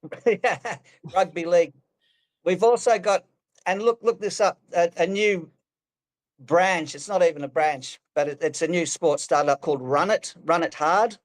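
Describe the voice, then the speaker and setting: An Australian man with a slightly high voice, trading crude, self-mocking jokes and laughing often. He talks loosely, in a casual chat. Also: normal speed. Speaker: podcast co-host. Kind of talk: casual banter.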